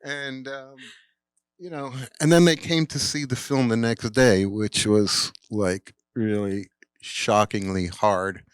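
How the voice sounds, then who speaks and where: A man telling a rambling, animated anecdote at a cinema Q&A, full of fillers and acted-out quotes. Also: medium pitch, slow, clean tone, no echo. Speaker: guest filmmaker at a Q&A.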